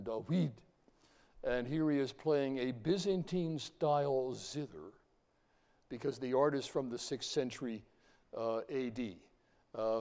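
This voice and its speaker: A man lecturing his class in a lively way, talking to students and chanting examples aloud. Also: medium pitch. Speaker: university lecturer. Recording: reverberant lecture hall.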